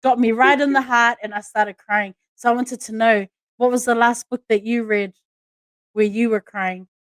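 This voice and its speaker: A woman hosts a relaxed podcast conversation. She talks in a chatty, emphatic way and laughs easily. Her voice sits on the higher side, and it sounds dry and close. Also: normal speed, dry recording. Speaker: podcast host. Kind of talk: casual podcast chat.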